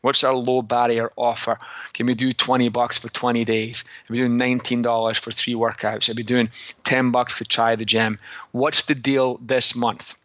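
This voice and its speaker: A man hosts a casual podcast lesson in a put-on Scottish accent, with a bright, forceful tone. He tells stories and asks rhetorical questions in a chatty way. The audio is dry and a bit dull and lo-fi. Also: medium pitch, little pitch movement, normal speed, no echo. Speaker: segment host, fitness business coach.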